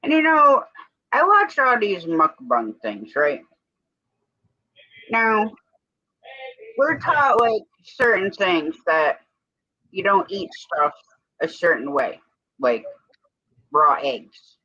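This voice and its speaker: A woman's voice: fairly low pitch, sing-song, takes it slowly, pauses often, sharp tone, no echo. A woman co-hosting a live stream in a casual, rambling chat, breaking off now and then to give commands to her dog. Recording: dull lo-fi stream audio.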